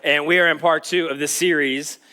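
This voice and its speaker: A man's voice: a little high, steady tone, a little fast, sharp tone, clear, resonant tone. A man preaching a sermon as pastor, telling a story in a casual, joking way. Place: church stage.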